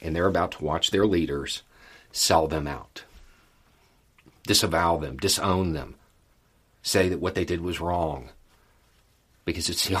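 A man with a very deep, husky voice talks through the news in a folksy, conversational way. He leans on repeated phrases for emphasis and keeps an easygoing commentator's tone. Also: a bit bright. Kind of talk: casual political commentary.

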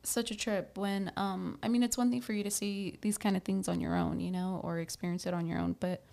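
A woman co-hosting a podcast, chatting in a relaxed, casual way. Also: mid-range voice, brisk, creaky. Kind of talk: casual chat.

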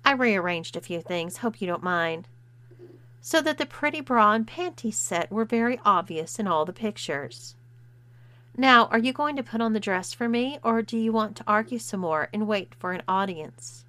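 A woman reading a story aloud, voicing a cold, bossy young woman who bullies with calm commands. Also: mid-range voice, moderate pace. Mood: calm menace.

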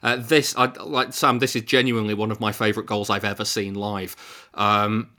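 A man's voice: fairly low pitch, little pitch movement, normal speed, bright, forceful tone. A man co-hosting a podcast, telling anecdotes and laughing at his own stories. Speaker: podcast co-host. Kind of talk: casual chat, anecdotes.

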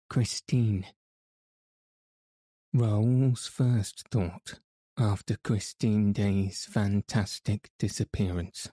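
Slow, low-voiced male narrator. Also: no room sound. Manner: measured, even reading. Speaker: audiobook narrator. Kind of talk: scripted narration.

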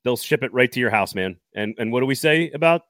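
A man's voice: mid-range voice, lively intonation, fairly bright tone, no echo. Jokey man reading sponsor spots. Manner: jokey, laughs often, fast sponsor patter. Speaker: podcast co-host. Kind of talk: casual sports talk with live ad reads.

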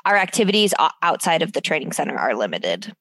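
A woman answering interview questions as a guest athlete, speaking in a relaxed, conversational way through a headset on a video call. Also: sits low, quick pace, gravelly, no room sound. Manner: relaxed, conversational, some restarts.

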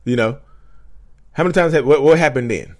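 A man hosting a casual advice vlog, talking straight to viewers, animated and repetitive. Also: mid-range voice, fairly quick. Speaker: channel host.

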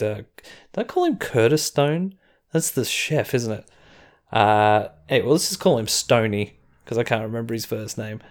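An Australian man hosting a podcast, giving a casual, rambling wrestling recap full of chuckling asides. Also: medium pitch. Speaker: podcast host.

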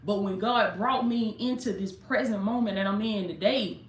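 A woman's voice: mid-range voice, normal speed. Fervent woman preaching in an echoey room. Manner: fervent preaching with casual direct address. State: jittery from coffee. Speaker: life coach and preacher. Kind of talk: live-streamed sermon.

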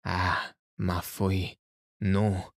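A man voicing a fussy, excitable elderly detective in a bedtime storybook reading, speaking in halting jerks. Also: low voice, gravelly, no room sound, studio quality, exaggerated voice. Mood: excited. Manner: jerky, halting delivery.

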